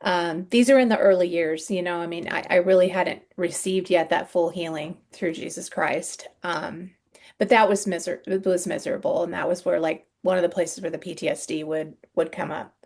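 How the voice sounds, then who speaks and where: A middle-aged woman speaking candidly in a podcast interview, halting and earnest, with frequent ums and soft sighs. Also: on the low side, fairly even intonation. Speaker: guest sharing her story.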